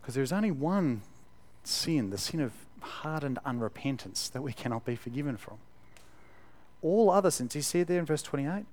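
A man giving a sermon in a relaxed, conversational way, with fillers, repeated words and emphatic stresses. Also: on the high side, moderate pace, slight background noise. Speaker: preacher.

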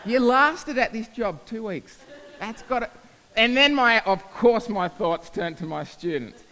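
Lively man telling stories. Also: sits high, measured pace. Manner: animated, laughs at his own stories. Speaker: science teacher giving a talk. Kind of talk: storytelling talk to an audience. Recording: hall reverb.

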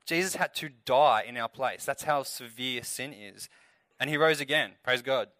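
A man's voice: mid-range voice, sharp tone, no room sound, clean studio sound. A young man giving a casual Bible talk to a youth group, speaking directly to the kids. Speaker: youth leader.

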